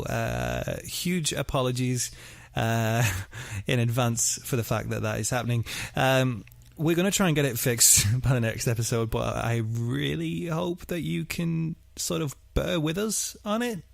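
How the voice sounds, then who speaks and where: A man's voice: mid-range voice, gravelly, no echo. A man hosting a podcast, chatting casually and laughing often with many fillers, then narrating a true-crime story. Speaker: podcast host.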